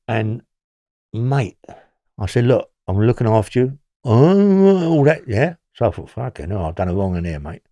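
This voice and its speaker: A man's voice: medium pitch, no room sound, studio quality. An older man with a London accent, telling rambling, swear-filled stories as a guest in a casual interview. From England. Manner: rambling, excitable, swears often, lots of fillers. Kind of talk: casual storytelling in a podcast interview.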